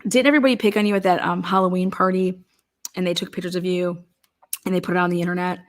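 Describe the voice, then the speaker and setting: A woman's voice: on the low side, steady tone, quick pace. A woman giving true crime commentary in a blunt, sarcastic and profane way, firing off pointed questions.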